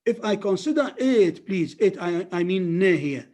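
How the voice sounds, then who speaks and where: A man's voice: high voice, lively intonation, unhurried, darkish tone. A man lecturing a class on phonetics, repeating words and often checking that his students follow. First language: Arabic.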